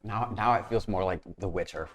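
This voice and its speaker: A man's voice: on the low side, a little fast. A man, a player in a tabletop game, chatting casually and laughing often. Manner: laughing, animated. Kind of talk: casual chat.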